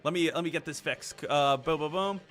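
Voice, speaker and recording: A man's voice: fairly high pitch, a little fast, fairly bright tone, faint music behind. A man streaming about stock trading, lecturing emphatically and repeating phrases for effect. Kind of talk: live-stream motivational talk.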